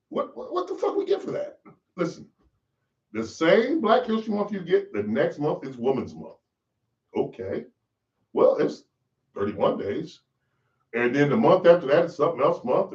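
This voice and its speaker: In a loud, preachy, profanity-filled rant, a male podcast host delivers a monologue, his pitch leaping up and down as he drives his points home. The audio is dull and lo-fi, captured from a distance in a roomy space.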